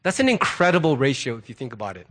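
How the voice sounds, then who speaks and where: A middle-aged man preaching a sermon as a pastor, conversational and animated, acting out quoted remarks as asides. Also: mid-range voice, quick pace.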